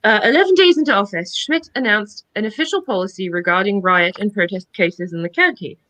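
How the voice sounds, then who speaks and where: A woman reading a book aloud on a group stream, halting and restarting as she reads between bits of casual chat. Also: mid-range voice, expressive, a bit bright, low-quality recording.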